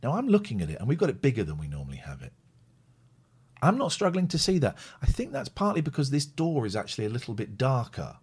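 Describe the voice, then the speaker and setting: A man's voice: medium pitch, huge pitch swings, fast talker, a little mellow, slightly rough. A man from the United Kingdom hosting a live stream show in casual, rambling, blunt chat. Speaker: show host.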